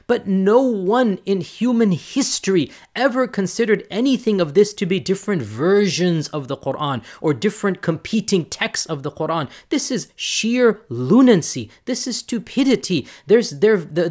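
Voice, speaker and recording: Impassioned man preacher, fairly high voice. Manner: impassioned, emphatic, repeats words for stress. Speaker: Islamic preacher and teacher. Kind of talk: direct-to-camera rebuttal talk.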